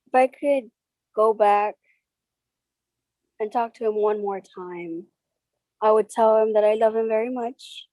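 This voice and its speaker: Slow, soft-toned woman, emotional guest. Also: mid-range voice, dry recording, rough recording. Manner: slow, halting, tearful at times. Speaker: interview guest. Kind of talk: emotional personal interview over video call. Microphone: video call.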